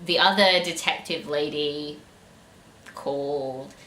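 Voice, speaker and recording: A woman's voice: sits low, slow pace, bright, forceful tone, a little hiss or hum. A woman ranting sarcastically about a book in a casual review, full of fillers. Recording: echoey room.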